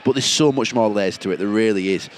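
A young man from Bradford with a Yorkshire accent, telling stories in a casual chat, animated and laughing often. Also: lowish voice, fast talker, slight background noise. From Bradford, England.

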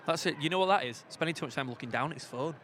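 A man's voice: fairly high pitch, rapid-fire, a bit bright, slight background noise. A man, co-hosting a podcast in jokey, self-mocking casual banter. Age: 20s. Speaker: podcast co-host.

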